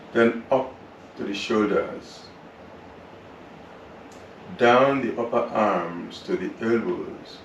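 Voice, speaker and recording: A man teaching yoga, guiding a slow relaxation through the body and then breathing practice in a soothing, unhurried way. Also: medium pitch. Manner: slow, soothing, drawn-out guidance. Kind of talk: guided relaxation and yoga instruction. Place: yoga class room. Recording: roomy, distant mic with faint noise.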